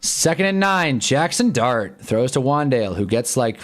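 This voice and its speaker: A young man casually reacting to live football games on a stream, swinging from low muttering to excited yelling at big plays. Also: moderate pace, faint music behind. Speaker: sports streamer. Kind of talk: live football watch-along commentary. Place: home streaming room with green screen.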